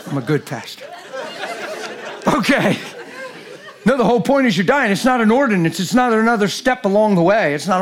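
A man preaching a sermon in a church, animated and jokey, swinging from loud bursts to hushed lines. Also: sits high, moderate pace, long pauses, a faint crowd. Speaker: guest preacher.

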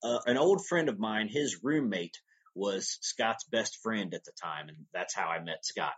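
A man's voice: on the low side, expressive, a little slow, slightly rough. A man talking as a podcast guest about his audio drama work, in an easygoing, rambling storytelling manner. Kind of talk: casual interview talk.

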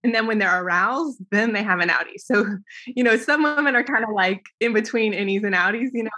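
A woman's voice: on the high side, fairly quick, sharp tone. A young woman talking as a podcast guest in a chatty, casual way, laughing often and acting out what other people said. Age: young adult. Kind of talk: casual interview talk.

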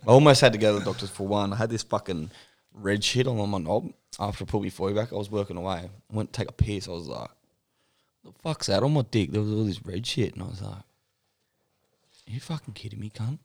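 A man's voice: lowish voice, steady tone, quick pace, vocal fry. A young man hosting a podcast, telling blunt, sweary stories. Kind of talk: crude storytelling banter.

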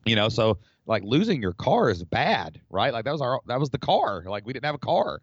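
A man from the United States, a podcast guest, telling a personal story in an animated, rambling way with lots of fillers. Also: medium pitch, brisk, no room sound. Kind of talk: casual storytelling. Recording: slightly dull dry recording.

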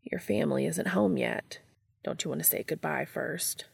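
A woman reading the part of an earnest, otherworldly male creature who speaks formally and quietly. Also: low-pitched, normal speed, gravelly, breathy edge, dry recording, full character voice. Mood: hurt.

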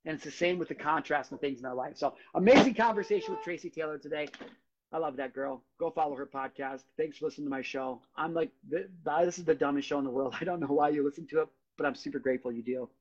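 A man's voice: on the high side, fast talker. A man hosting his own podcast, speaking earnestly and casually in a motivational solo monologue. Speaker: podcast host. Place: podcast studio. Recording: dull lo-fi sound.

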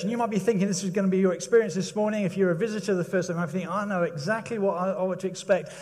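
A man's voice: sits high, darkish tone. A man delivering a humorous, conversational sermon in a church, laughing as he talks. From Britain. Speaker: preacher. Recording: echoey church hall.

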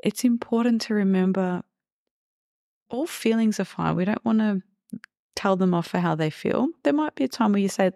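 A woman parenting coach giving calm, reassuring podcast advice and acting out example phrases for parents. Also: mid-range voice, moderate pace, gravelly, no echo, clean studio sound.

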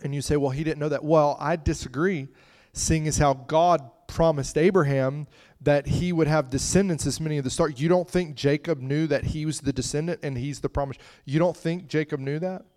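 A man's voice: fairly high pitch, fairly even intonation, moderate pace, darkish tone. A man preaching a conversational sermon, chatting with the congregation and breaking into fits of laughter.

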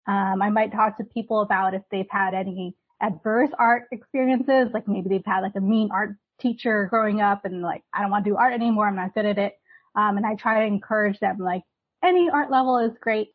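A woman art therapist, guest on a podcast, explaining her work in a relaxed chatty way. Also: on the high side, lo-fi sound. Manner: relaxed, explaining, many ums and likes. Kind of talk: casual interview chat.

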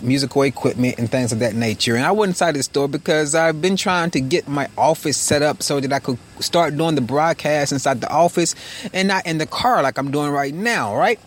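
A man hosting a podcast, telling a frank, profane story in a casual, animated way from inside a car. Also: mid-range voice. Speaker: podcast host.

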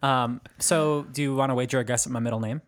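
A man's voice: medium pitch, steady tone, quick pace. A man co-hosting a casual podcast, bantering and teasing his friend with frequent laughter. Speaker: podcast co-host.

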